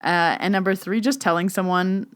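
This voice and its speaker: A woman's voice: lowish voice, steady tone, normal speed, clear, resonant tone. A young woman hosting her own podcast, chatting casually and telling stories, often saying "like" and acting out the dialogue. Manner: chatty storyteller, acts out dialogue, says "like" often. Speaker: podcast host and medium. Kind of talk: casual solo podcast chat. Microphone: podcast microphone.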